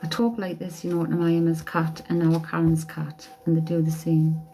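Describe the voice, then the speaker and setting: A woman's voice: low voice, steady tone, normal speed, mellow, rough recording. A woman giving a casual live-stream tarot reading as a psychic medium, chatty and blunt, swearing casually.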